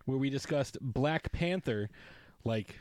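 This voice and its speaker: A man's voice: medium pitch, animated, takes it slowly, a little mellow, no echo. Playful man co-hosting a podcast. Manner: playful, jokey, rambling asides. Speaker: podcast co-host. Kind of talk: casual podcast banter.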